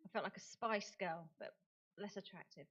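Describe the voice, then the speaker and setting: Heard in lo-fi sound, a middle-aged British conference speaker and advocate talks at a conference venue with a medium-pitched, slightly bright voice at normal speed. She's chatty and self-deprecating, and laughs a lot.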